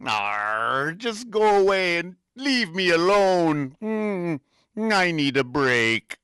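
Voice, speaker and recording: A man's voice: high voice, animated, slow pace, fairly bright tone, clean tone. A man playing a grumpy pirate in a comedy skit, growling his lines.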